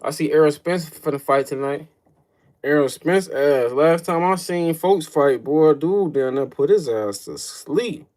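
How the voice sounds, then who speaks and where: A man's voice: fairly high pitch, unhurried, a little mellow. A young man hosting a casual livestream, rambling in slangy, profane talk, calling everyone folks and answering chat questions. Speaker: livestream host.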